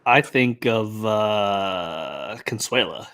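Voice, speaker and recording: A man's voice: on the low side, expressive, drawn-out words, a bit bright, clear, resonant tone. A man co-hosting a casual live-stream trivia chat, thinking aloud with many ums and uhs. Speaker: trivia contestant and co-host.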